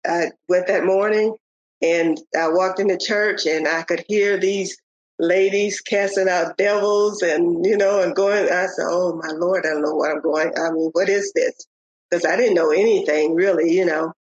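An older woman, a podcast guest, telling the story of her faith in a halting way, with many pauses and restarts. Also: on the low side, steady tone, husky, no room sound. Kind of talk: telling a personal faith testimony. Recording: dull, lo-fi audio.

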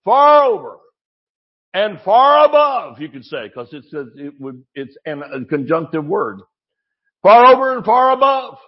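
A man preaching a sermon with exuberant energy, swinging from shouts to quiet asides. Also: a little high, muffled recording.

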